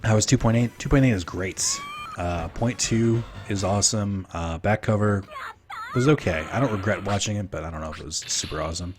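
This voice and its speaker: A man's voice: on the low side, a little fast. A young man casually streaming a game, rambling to chat with lots of fillers. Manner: rambling, filler-heavy, relaxed. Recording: game music behind.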